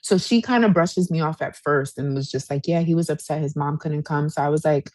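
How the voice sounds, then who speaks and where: A woman in her thirties co-hosting a podcast, telling a story in a casual, animated way and acting out what people said. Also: sits low, a little fast, no room sound. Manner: animated storyteller, acts out quotes, says "y'all". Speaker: podcast co-host.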